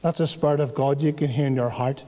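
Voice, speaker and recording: A man's voice: medium pitch, fairly even intonation, fast talker, dark tone. A man with a Northern Irish accent preaching an evangelistic testimony in church, earnest and pleading, with homely everyday examples. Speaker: visiting preacher. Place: church hall. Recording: long church reverb.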